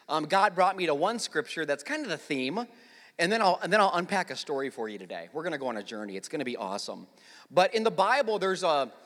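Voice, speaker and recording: A man's voice: fairly high pitch, bright, forceful tone. A young male pastor preaching a sermon, telling stories energetically and leading the congregation in call-and-response, recorded in a church sanctuary. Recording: echoey church hall.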